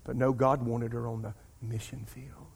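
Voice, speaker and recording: Long hall reverb surrounds a middle-aged man preaching in a church sanctuary, his mid-range voice flat, darkish and slightly rough at a moderate pace. The pastor speaks straight to his congregation, weaving in call-and-response asides.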